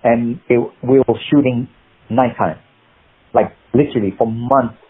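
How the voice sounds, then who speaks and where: A man in an interview, an animated storyteller who rambles through anecdotes over a tinny phone-like line. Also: medium pitch, measured pace, husky. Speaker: guest, martial arts actor.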